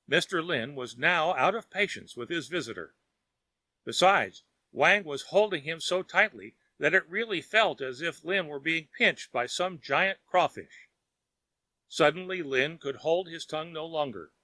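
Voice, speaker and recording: A man narrating a children's audiobook in a measured storytelling manner. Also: on the high side, animated, bright, forceful tone, dry recording.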